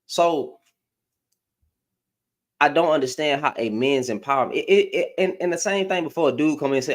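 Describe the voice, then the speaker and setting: Her voice deep and her pace normal, an American woman livestreams with blunt, fired-up reactions, frequently saying the same phrases again. She leaves long pauses between her remarks.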